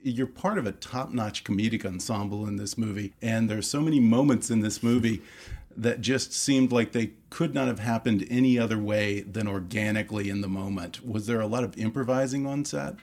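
A man's voice: lowish voice, moderate pace, a little mellow. A man hosting a podcast, interviewing two actors in a friendly way and laughing along with them. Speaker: interviewer and ad reader.

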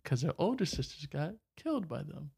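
A man's voice: fairly high pitch, big pitch swings, fairly quick, gravelly, dark tone, husky. A man co-hosting a casual podcast, telling a story and joking around with his co-host. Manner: joking, laughs often, mock Aussie "mate" asides.

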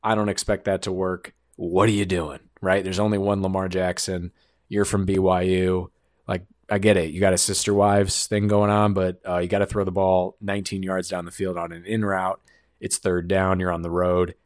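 Male sports talker, deep voice, joking and opinionated, dry close sound. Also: little pitch movement, no echo. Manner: fast riffing, joking asides, opinionated. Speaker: sports commentator. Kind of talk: casual sports talk.

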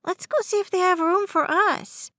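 A woman voicing a small boy who is whiny, tearful and pleading, in a high voice. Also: steady tone, normal speed, fairly bright tone, no echo, studio quality. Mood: begging.

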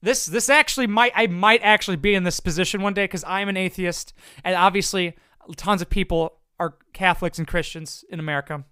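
A man's voice: high-pitched, a little fast, bright, forceful tone, clean tone, no echo. A man giving casual advice to viewers in a blunt, profane, rambling way. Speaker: content creator answering viewer questions.

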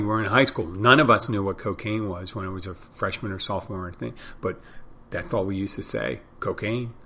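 A man with a fairly low voice talks through a loose, casual monologue for his podcast. He rambles jokily and drops into little acted-out greetings from his bartending job. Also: fairly bright tone, slightly rough. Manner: rambling, jokey, acts out greetings.

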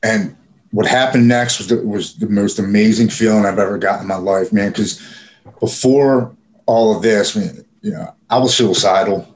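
A man's voice: lowish voice, normal speed. A man casually telling a personal story in plain, profane speech with frequent fillers. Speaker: guest telling his recovery story.

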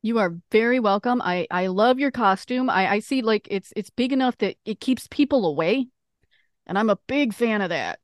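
Hesitant woman with a lively voice. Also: medium pitch, normal speed, no echo, clean studio sound. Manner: hesitant, repeats words. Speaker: player.

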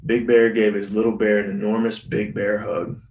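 Low-voiced man reading a children's storybook. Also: moderate pace, recorded from a distance, highs cut off. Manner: expressive, voices the characters' lines. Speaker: guest reader. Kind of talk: storybook read-aloud. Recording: roomy sound from off-mic, soft music behind.

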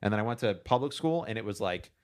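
A man's voice: lowish voice, quick pace. A young man casually telling a long story, acting out quotes along the way. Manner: animated storyteller, acts out quotes.

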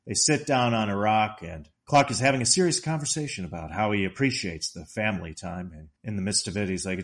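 A middle-aged man co-hosting a podcast, retelling movie scenes in an animated way and laughing often. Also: lowish voice, fairly quick, hardly any pauses. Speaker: podcast co-host. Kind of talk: casual film discussion.

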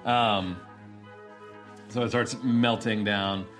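A man narrating as game master in a tabletop game, relaxed and halting, with many fillers. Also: fairly low pitch, soft background music.

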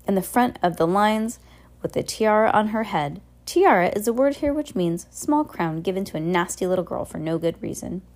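A woman reads a novel aloud in a low, mellow voice. She tends to trip over words and restart her lines. The delivery is informal rather than polished. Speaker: audiobook reader.

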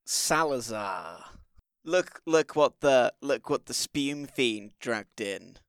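A man voicing a zealous warrior nun in a tabletop role-play, talking down to her enemy with a pompous, lecturing scorn. The voice is smooth and clear, and it sounds close and dry. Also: medium pitch, animated, takes it slowly, no room sound. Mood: scornful.

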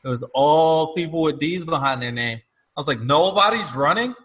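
A man's voice: fairly high pitch, moderate pace. A man on a political talk show, speaking in a wry, joking way.

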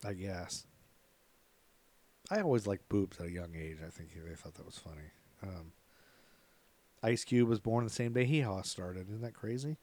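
A man's voice: lowish voice, normal speed, long pauses, warm tone, no room sound. A man co-hosting a casual podcast, joking around and cutting in with playful asides. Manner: jokey, interrupting, playful asides. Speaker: co-host.

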